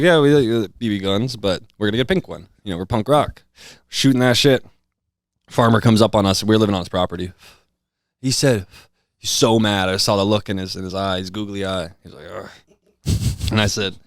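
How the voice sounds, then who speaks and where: A man's voice: on the low side, no echo, studio quality. A man, a rapper guest, telling loose stories in casual chat from his parents' house. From Western Massachusetts. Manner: loose storytelling with many "like"s.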